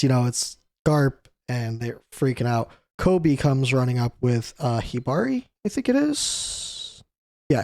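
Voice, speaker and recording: A man's voice: mid-range voice, darkish tone, dry recording, studio quality. A young man hosting a manga chapter review, recapping in a loose, chatty way with fillers and self-corrections. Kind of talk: casual spoken chapter recap.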